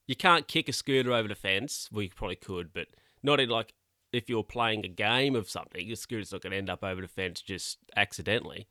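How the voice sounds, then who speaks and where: A man's voice: medium pitch, normal speed, pushed and bright, no room sound, studio quality. A man talking through a casual, rambling monologue, often correcting himself and sounding incredulous.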